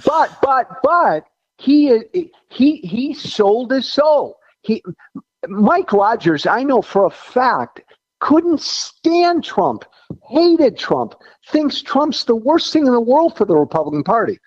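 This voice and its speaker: A man's voice: very high voice, sing-song, takes it slowly, no echo, highs cut off. A man who once served in Congress, giving blunt, folksy political opinions in an interview. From Illinois. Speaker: former congressman guest.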